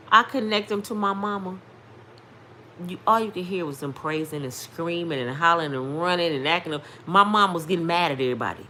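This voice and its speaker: A woman's voice: deep voice, fairly quick, pushed and bright, slight background noise. Emphatic woman in her fifties telling a testimony. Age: 50s. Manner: emphatic, preacher-like, addresses viewers directly. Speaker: vlogger sharing testimony. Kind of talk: casual storytelling testimony.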